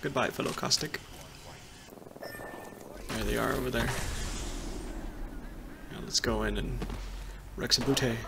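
A man giving excitable, panicky live commentary on his own gameplay, muttering to himself between outbursts. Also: medium pitch, unhurried, vocal fry, long pauses, heavy background noise. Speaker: gameplay streamer. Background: loud gunfire from the game.

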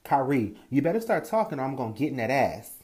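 A man's voice: mid-range voice, sing-song, fast talker, a little mellow, close to an everyday voice. A man playing a stern scolding mother. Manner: blunt, profane, threatening. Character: strict no-nonsense mother scolding her sons. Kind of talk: comedy skit.

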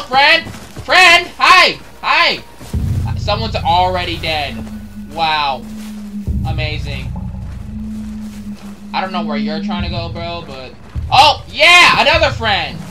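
A young man giving casual gameplay commentary, excitable, swearing and shouting at enemies. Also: high-pitched. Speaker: gaming channel host.

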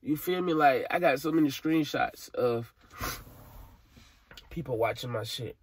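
In a mid-range, slightly rough voice with a measured pace, a tearful young man from Alabama vents to his camera as a vlogger. He comes across frustrated and rambling, cursing and using slang.

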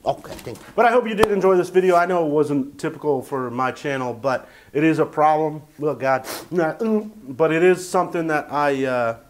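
A man's voice: fairly high pitch, moderate pace, few pauses, slight background noise. A man chatting casually to camera as a vlogger from his tiny house, rambling and jokey with lots of fillers.

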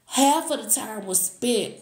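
A woman doing a live tarot reading, excitable, gasping and thanking viewers as she goes. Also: fairly high pitch, a little slow. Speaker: tarot reader. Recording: echoey room.

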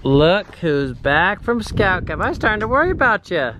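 A man's voice: high-pitched, very animated, normal speed, reverberant, very noisy. A man chatting playfully with his family on a vlog, teasing and asking his kids lots of questions. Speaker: family vlogger, father. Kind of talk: casual family chat.

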